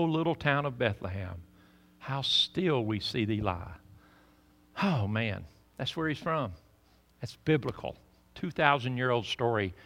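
A man preaching a sermon in a church, folksy and preachy, swinging between loud emphasis and hushed asides. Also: medium pitch. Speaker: pastor. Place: church sanctuary. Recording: reverberant church hall.

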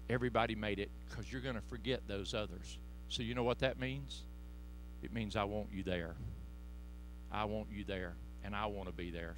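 A man preaching a sermon to his congregation in church, impassioned and folksy, swinging between loud exhortation and hushed asides. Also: lowish voice, slight background noise. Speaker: pastor.

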